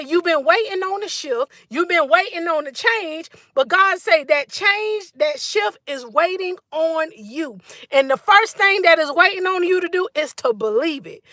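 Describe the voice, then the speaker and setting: Woman preacher, high voice, dry close sound, fervent live-stream sermon. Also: pushed and bright, dry recording. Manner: fervent, repetitive preaching with frequent "mm" and "y'all".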